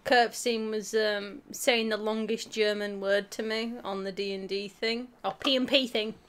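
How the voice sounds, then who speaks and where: A woman's voice: mid-range voice, fairly even intonation, a little slow, slight background noise. A British woman joining a casual stream chat, giggling and telling stories. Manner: giggly, storytelling. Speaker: co-host.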